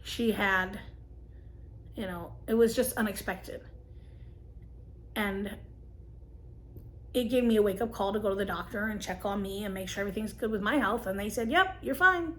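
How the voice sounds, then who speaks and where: A woman, telling a personal story and giving gentle, earnest advice to camera as a vlogger. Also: medium pitch, steady tone, moderate pace, long pauses. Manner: earnest, gentle, emotional at times.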